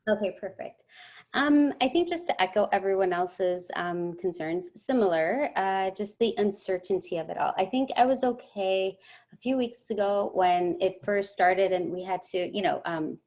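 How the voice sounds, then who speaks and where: A woman's voice: medium pitch, normal speed, a little mellow. A mother of teenagers speaking thoughtfully on a video call, with light laughs. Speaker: parent of teenagers. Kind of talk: casual chat on a video call.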